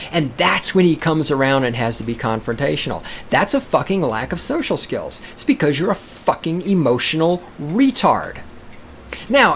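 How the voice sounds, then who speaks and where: Podcast host, male, profane combative ranter, animated pitch, faint hiss behind. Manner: profane, combative, swings into loud outbursts. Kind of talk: profane ranting monologue.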